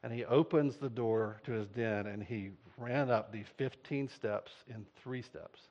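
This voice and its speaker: A man preaching a sermon, telling a story in an animated way and acting out voices. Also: mid-range voice, measured pace, slight background noise. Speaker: pastor. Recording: dull lo-fi sound.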